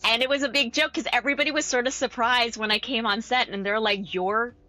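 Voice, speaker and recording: A Canadian woman, an actor and coach, speaking in a casual interview in an animated, chatty way and often laughing. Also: a little high, quick pace, no echo, soft background music. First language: English.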